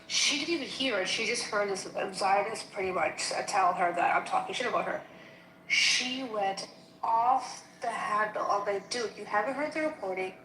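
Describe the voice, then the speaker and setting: Indignant woman in an echoey room. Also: mid-range voice. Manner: animated, indignant, retells quarrels with quoted back-and-forth. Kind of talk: casual heated chat. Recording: echoey room with faint noise.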